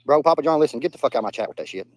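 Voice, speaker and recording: Racing through his reactions, a young Southern US man reads his livestream chat and replies bluntly, casually and with profanity, often repeating himself. His medium-pitched voice is animated. There's no room sound, and the audio quality is poor.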